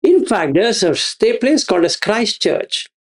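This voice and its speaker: A man's voice: sits high, sing-song, measured pace. A man giving a Buddhist teaching, repeating his phrases and asking rhetorical questions. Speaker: meditation teacher.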